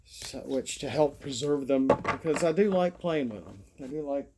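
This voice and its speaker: A man's voice: medium pitch, moderate pace, heavy background noise. A man with an Alabama Southern accent, rambling through a folksy, meandering vlog monologue. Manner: meandering, folksy, self-deprecating. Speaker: vlogger.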